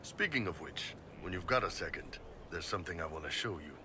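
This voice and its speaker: Deep gruff soldier type, steady, faint hum behind. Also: male voice, fairly quick. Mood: casual. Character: gruff male soldier and commander. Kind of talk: video game dialogue.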